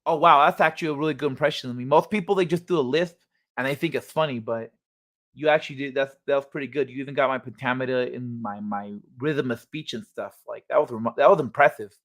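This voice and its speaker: Man impersonating a low, mumbling heavyweight boxer. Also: fast, fairly bright tone, natural voice. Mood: impressed. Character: gruff heavyweight boxer, blunt, friendly.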